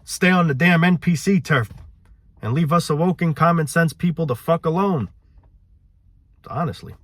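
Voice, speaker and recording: A man's voice: medium pitch, a bit bright, no room sound. Rambling frustrated man, dry close sound. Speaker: channel host. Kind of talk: casual ranting vlog.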